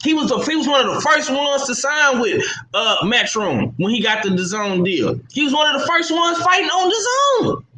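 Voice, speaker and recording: A man's voice: extremely high pitch, sing-song, moderate pace, few pauses, pushed and bright. A man on a panel talking bluntly and profanely in a heated casual chat, in an echoey room. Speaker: podcast panelist.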